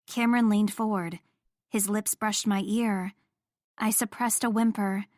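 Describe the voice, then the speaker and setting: A woman's voice: mid-range voice, steady tone, a little slow, a little mellow, no echo, clean studio sound. A young woman narrating a first-person romance audiobook in an intimate storytelling manner.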